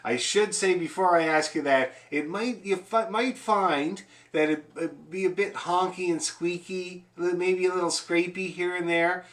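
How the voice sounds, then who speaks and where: A man's voice: high-pitched, measured pace, hardly any pauses, fairly bright tone. Chatty man teaching fiddle online. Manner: encouraging, chatty, explains with demonstrations. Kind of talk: online music lesson. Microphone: video call.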